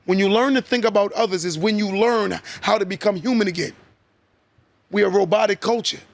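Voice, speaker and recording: Gravelly high-voiced man preaching. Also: brisk. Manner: emphatic, repetitive, keeps asking "right?". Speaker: podcast host. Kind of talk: preachy motivational podcast talk.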